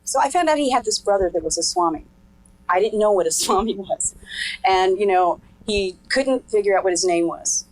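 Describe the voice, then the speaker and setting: A woman's voice: medium pitch, animated, normal speed, no echo, rough recording. A middle-aged woman giving candid personal testimony in an interview, frank and earthy, laughing now and then as she tells it. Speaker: interviewee telling her life story.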